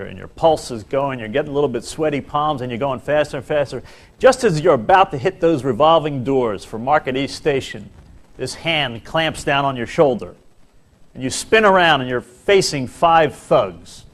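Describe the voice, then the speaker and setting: A middle-aged man gives a comic speech to a large employee audience, telling stories with animated, self-mocking delivery and dramatic pauses. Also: mid-range voice. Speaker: corporate speaker at an employee seminar. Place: large hall before an audience.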